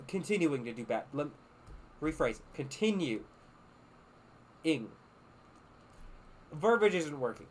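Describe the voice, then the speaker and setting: A man's voice: on the high side, big pitch swings, slow, long pauses, a little hiss or hum. A man giving casual gameplay commentary, thinking aloud and muttering to himself as he plays. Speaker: game streamer.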